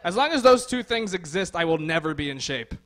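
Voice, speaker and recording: A young man works a comedy club crowd with a sardonic, crude stand-up set. His voice sits slightly high, and he rambles through "like" and "you know" between punchlines. The delivery is casual and mocking. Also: expressive, brisk, a bit bright.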